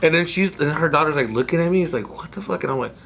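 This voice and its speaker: A man's voice: fairly high pitch, lively intonation, racing, fairly bright tone, slight background noise. A man co-hosting a podcast, telling a story in casual group chat, swearing a lot and acting out the quotes. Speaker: podcast co-host.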